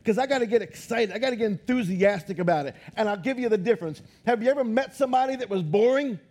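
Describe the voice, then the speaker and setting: A man preaching a lively sermon as pastor in a church, talking loud, excited and animated. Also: high voice, quick pace. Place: church auditorium.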